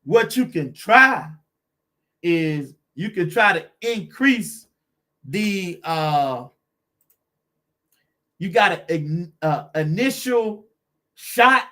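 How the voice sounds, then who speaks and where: A man's voice: high voice, animated, drawn-out words, pauses often, bright, forceful tone. A man hosting a car channel live stream, chatting with viewers in a laid-back, encouraging way and greeting them by name.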